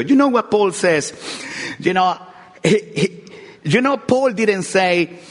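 A middle-aged man preaching an earnest sermon with personal testimony, often repeating words and swinging between loud and hushed. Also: sits high, animated, slow. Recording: long hall reverb.

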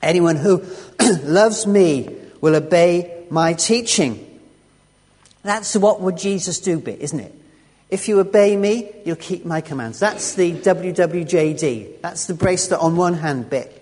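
A man's voice: sits high, expressive, a little slow, a little mellow. A man gives a conversational sermon in a church hall. He talks through the text with asides and small restarts, and a long reverb trails each phrase. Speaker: preacher.

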